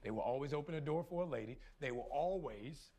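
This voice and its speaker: A man's voice: fairly high pitch, expressive, quick pace, dark tone. A middle-aged father speaking in a firm, proud, declarative way. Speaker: father being interviewed.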